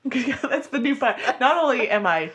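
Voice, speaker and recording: A woman's voice: high voice, sing-song, normal speed, a bit bright, slight background noise. A woman from North Carolina co-hosting a casual chat show. She jokes around and laughs often. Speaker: co-host.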